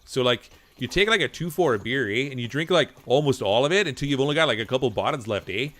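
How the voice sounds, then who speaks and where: A man's voice: medium pitch, animated, fast, natural voice. A man hamming up a dopey Canadian hoser. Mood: goofy. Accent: exaggerated Canadian. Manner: loud, drawling, ends lines with "eh".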